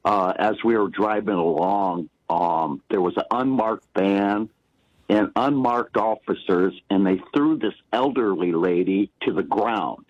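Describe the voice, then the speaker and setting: A man from Washington State calling in to a radio show, telling a story haltingly with many pauses. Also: on the low side, no room sound. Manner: hesitant, many ums and uhs. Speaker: caller. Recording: dry, muffled phone line.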